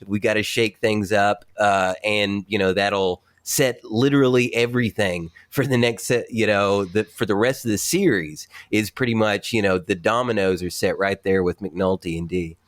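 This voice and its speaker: A man's voice: on the low side, fairly even intonation, moderate pace, hardly any pauses. A man co-hosting a podcast in casual chat, rambling and hesitant, laughing often. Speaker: podcast co-host.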